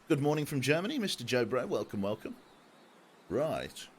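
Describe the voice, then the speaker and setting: Lively-voiced young man streaming games. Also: medium pitch, moderate pace, slight background noise. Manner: jokey, self-deprecating, swears casually. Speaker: game streamer. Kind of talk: casual live-stream chat. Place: home room. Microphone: desk microphone.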